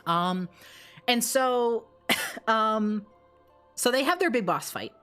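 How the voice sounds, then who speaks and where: Animated swearing woman streamer. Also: a little high, clean tone, soft background music. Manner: animated, swearing, rapid asides and restarts. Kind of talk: casual live-stream storytelling.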